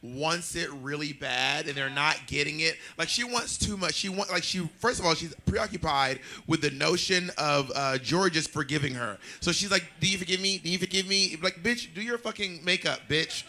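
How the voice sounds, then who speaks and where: A man's voice: on the high side, expressive, moderate pace, few pauses, pushed and bright. A man sharing sassy, opinionated commentary at a bar viewing party, swearing freely. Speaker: drag queen panelist. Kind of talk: casual banter at a viewing party.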